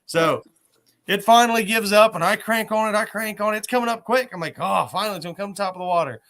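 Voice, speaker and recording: Bright-voiced excited man. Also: sits high, fast talker. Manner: animated, repeats words when excited. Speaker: host. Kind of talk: casual storytelling chat.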